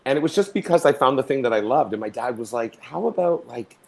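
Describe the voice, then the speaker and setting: A man's voice: medium pitch, lively intonation, fast talker, a little mellow. A middle-aged man from Canada, a stage performer being interviewed, who tells his stories theatrically, acting out voices and singing lines. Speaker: guest performer. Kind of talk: storytelling interview talk.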